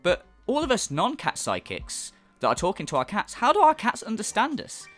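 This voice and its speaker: A man's voice: high voice, wildly swooping pitch, normal speed, a bit bright. British guy ranting and mocking stuff, swears a lot, voice jumps all over, bit of music under it. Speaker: YouTube commentator. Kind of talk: sarcastic reaction commentary.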